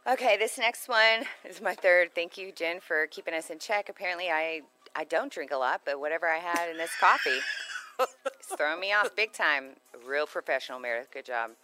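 A woman's voice: lowish voice, fairly quick, sharp tone. A woman co-hosting a radio show in casual banter, bubbly and jokey, laughing often.

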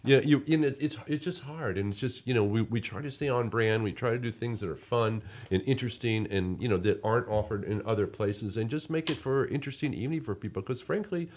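A man's voice: mid-range voice, quick pace, hardly any pauses, darkish tone, a little hiss or hum. A man, a resort representative chatting casually in an interview, rambling with many restarts.

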